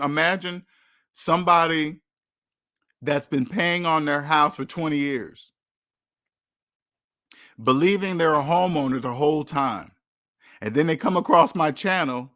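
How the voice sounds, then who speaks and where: Emphatic, repetitive man with a higher voice. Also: fairly bright tone, no room sound, studio quality. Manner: emphatic, repetitive, laughs often. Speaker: podcast host. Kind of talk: casual call-in chat.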